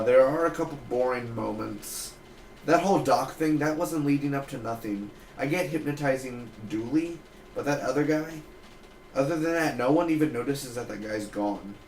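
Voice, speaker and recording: A man giving a loose, chatty review of a TV episode, retelling scenes with quick quoted asides. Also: mid-range voice, echoey room, slight background noise. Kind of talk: casual solo review.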